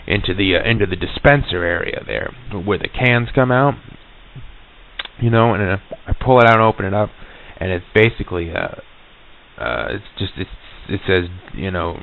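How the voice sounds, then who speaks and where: Man, deep voice, halting storyteller full of restarts; thin phone-like old reel-to-reel tape. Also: expressive, vocal fry. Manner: halting, many restarts and fillers. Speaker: interviewee recounting an encounter. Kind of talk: casual spoken recollection.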